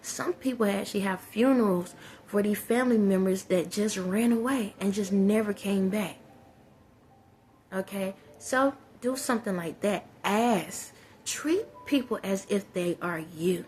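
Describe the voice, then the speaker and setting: A woman's voice: medium pitch, unhurried, darkish tone, a little hiss or hum. A woman vlogger giving casual life advice straight to her viewers, preachy and repetitive. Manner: preachy, talks straight to viewers, repeats key phrases. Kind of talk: casual spoken pep talk.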